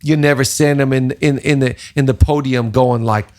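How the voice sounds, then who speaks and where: A man hosting a casual leadership podcast, talking in an animated preaching cadence with repeated phrases. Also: mid-range voice, normal speed. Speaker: podcast host, pastor.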